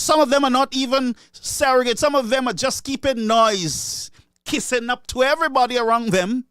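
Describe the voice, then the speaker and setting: A very high, slightly bright voice belongs to a man with a Caribbean English accent who rants indignantly and repetitively about politics in a solo opinion piece. The tone is clean, and the studio recording has no echo.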